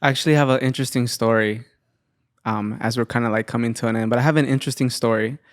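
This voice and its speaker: A man's voice: mid-range voice, quick pace, no echo. Young male podcast host, chatty storyteller, dry studio mic. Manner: animated storyteller, acts out quotes in a raised voice. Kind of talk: casual podcast interview. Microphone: studio microphone.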